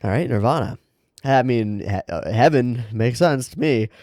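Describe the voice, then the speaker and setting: A man reading manga aloud for his channel, dropping goofy, offhand jokes between the lines. His voice is lively and swings widely in pitch, and the sound is close and dry. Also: moderate pace, dry recording. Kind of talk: joking aside during a manga read-aloud.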